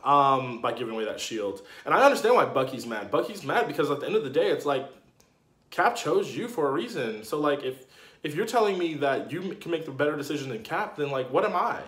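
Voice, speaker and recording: A man giving a casual video review, ranting in an animated, indignant way with slang and lots of fillers. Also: on the high side, brisk, reverberant. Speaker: TV episode reviewer.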